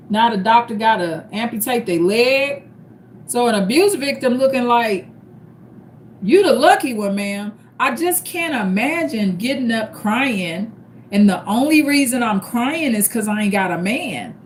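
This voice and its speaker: A woman's voice: fairly high pitch, slight background noise. A middle-aged woman hosting a livestream, giving blunt, opinionated commentary straight to her viewers. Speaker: livestream host. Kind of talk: casual commentary.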